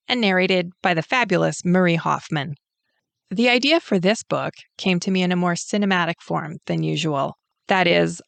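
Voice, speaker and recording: A woman's voice: fairly low pitch, creaky, dry recording. A woman author with a Canadian accent reading her own author's note with friendly, self-deprecating humor. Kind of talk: author's note, read aloud.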